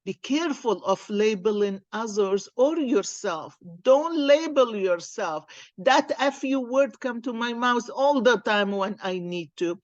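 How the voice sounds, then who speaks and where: Slow, earnest woman card reader. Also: on the high side, lively intonation, no room sound, dull audio. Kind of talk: casual spiritual storytelling.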